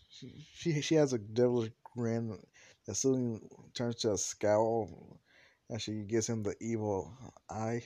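A man's voice: on the low side, steady tone, a little slow, warm tone, no echo. A young man telling a fan fiction story casually, rambling and joking with many fillers.

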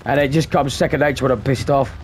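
A man's voice: mid-range voice, steady tone, quick pace, slight background noise. A man giving live commentary on his gameplay, ranting in frustration and swearing constantly. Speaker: gaming video creator.

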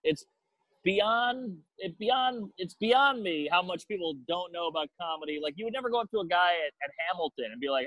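A stand-up comedian tells a story with a lot of energy. He jumps into squeaky, overdone voices for the people in it. His voice sits a little high for a man and sounds dry and close. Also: a little fast, no echo, low-quality recording. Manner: animated storyteller acting out characters in exaggerated voices. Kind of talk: casual storytelling chat.

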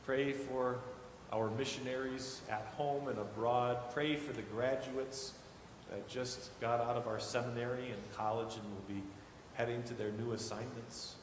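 A man in his thirties preaching a sermon as guest preacher, telling family stories with animated quoted voices. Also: medium pitch, measured pace, background noise. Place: church sanctuary. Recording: echoey hall with long reverb.

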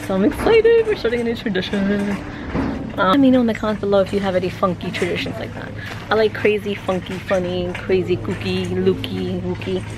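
A young adult woman chatting casually for a family vlog, animated and giggly, slipping Spanish words into her talk. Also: medium pitch, a little fast. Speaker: vlogger. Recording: noisy handheld camera audio.

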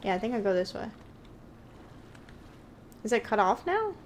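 A woman with a mid-range voice streams a horror game, her pitch swinging widely as she talks at a normal speed over slight background noise. Chatty and nervously jokey, she addresses her chat directly while confessing she's scared during this live commentary.

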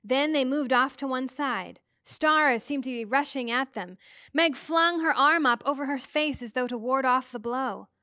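Woman teacher, read-aloud narrator; expressive, measured, slightly high voice. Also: dry recording, studio quality. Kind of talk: reading a novel aloud to students.

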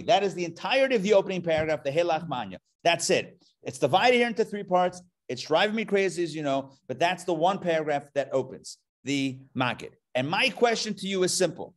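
A man leads a live class in front of a room, bantering and pulling questions from his listeners. His voice sits a little high and jumps around a lot as he jokes. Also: a little fast, few pauses. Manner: lively, joking, asks the room for questions. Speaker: rabbi teaching a class. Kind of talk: live interactive lesson. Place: classroom before a live audience.

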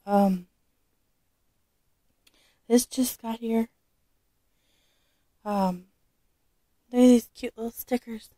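A woman with a sore, recovering throat, chatting casually as she unboxes a doll, halting with frequent ums. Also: fairly high pitch, fairly even intonation, dark tone, no echo, poor audio. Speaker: vlogger unboxing a reborn doll.

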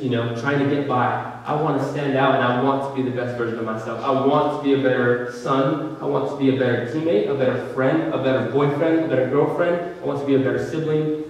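A young man preaches to students in a loose, heartfelt way, leaning on fillers as he goes. His voice sits at a middling pitch. It is picked up from a distance in a big hall that rings with long reverb. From California. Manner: earnest, conversational, many fillers. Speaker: student speaker. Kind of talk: casual sermon to students. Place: large hall.

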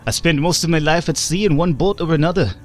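A man puts on a talkative old sailor who survived at sea, in a game character voice. The pitch sits slightly above the performer's normal range, and the accent drifts around freely. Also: quick pace, soft background music, close to an everyday voice. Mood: folksy. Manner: improvised wandering accent. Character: seafaring male survivor, weathered and talkative.

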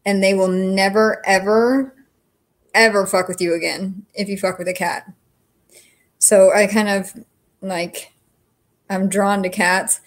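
Woman host, casual livestream banter, blunt and sweary, mid-pitched voice. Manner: chatty, frank, swears freely. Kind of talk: casual livestream chat with viewers.

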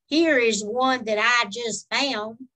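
A woman's voice: a little high, slow, bright, forceful tone. A woman voicing a polite, helpful male raccoon in a storybook reading.

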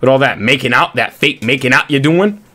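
A man streaming an online shooter, trolling players in voice chat with mock-prim, deadpan scolding and bursts of loud mockery. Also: medium pitch, a little fast, crowd noise.

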